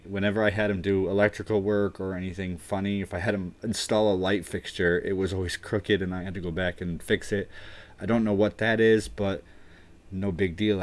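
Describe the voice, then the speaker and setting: A man hosting a casual livestream, tired and dry-mouthed from the heat, rambling as he reads chat aloud and trails off unsure. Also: fairly low pitch. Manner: rambling and self-deprecating, trailing off with "I don't know". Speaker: livestream host.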